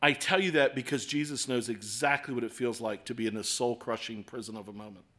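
A man preaching a sermon, earnest, moving between quiet reflection and impassioned appeals. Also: medium pitch, brisk. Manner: earnest, swings from hushed to impassioned.

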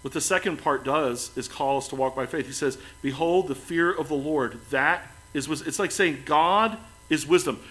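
A man preaching a sermon as pastor, earnest, building to emphatic lines and then dropping soft and quiet. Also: on the high side, moderate pace, hardly any pauses, rough recording.

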